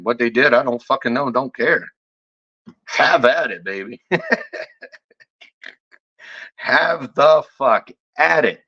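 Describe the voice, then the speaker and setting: A man who reviews fragrances, ranting in a casual vlog. He is combative and swears constantly, and he stumbles over repeated words when heated. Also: medium pitch. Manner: profane, combative, heavy swearing. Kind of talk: off-the-cuff vlog rant. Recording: dull lo-fi audio.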